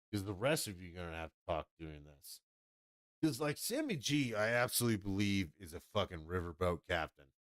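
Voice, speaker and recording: A man's voice: fairly low pitch, dry recording, clean studio sound. A man chatting casually to his livestream audience in a blunt, rambling, profane way. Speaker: streamer.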